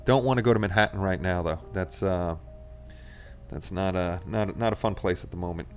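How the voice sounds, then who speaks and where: A man from Astoria, Queens, New York, with a New York accent, hosts a casual livestream, chatting and rambling with viewers and reading their comments aloud. He has a low voice and a moderate pace, with faint Christmas music in the background.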